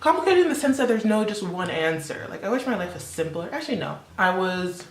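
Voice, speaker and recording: A woman's voice: medium pitch, very animated, brisk, roomy sound, noisy background. A woman in her twenties, born in Congo and raised in Canada, chatting casually and laughing often as she does her makeup. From born in the Democratic Republic of Congo, raised in Canada. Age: 20s. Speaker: beauty vlogger. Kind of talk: casual chat while doing makeup.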